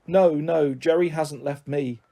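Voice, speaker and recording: A man's voice: fairly high pitch, fairly even intonation, a little slow, vocal fry, warm tone. A man voicing a timid young mother who speaks in a hesitant, shaky way.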